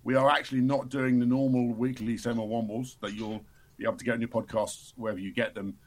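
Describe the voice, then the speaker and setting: A male podcast host with a middling pitch kids around with his guests, then switches into a measured welcome for the listeners. His delivery is clear and conversational. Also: level tone. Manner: joking, then formal show intro. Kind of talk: casual chat.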